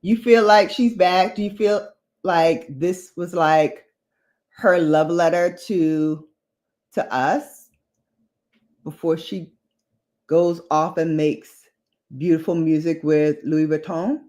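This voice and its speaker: A woman's voice: deep voice, fairly even intonation, takes it slowly, long pauses, a little mellow. A woman beauty vlogger chatting casually on a livestream while doing her makeup, reading out viewer comments and drifting onto tangents.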